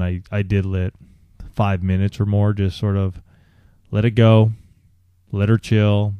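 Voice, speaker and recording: A man co-hosting a podcast, telling a candid personal story in a halting way, with many restarts and fillers. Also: lowish voice, little pitch movement, clear, resonant tone, no room sound, highs cut off. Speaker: podcast co-host.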